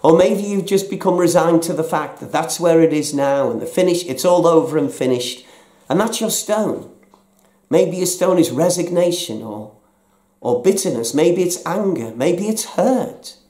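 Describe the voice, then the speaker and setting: A man preaching a sermon as pastor, speaking slowly and softly, sometimes sinking to a near whisper. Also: on the high side, expressive, reverberant. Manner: slow, soft-spoken, dropping to near whispers.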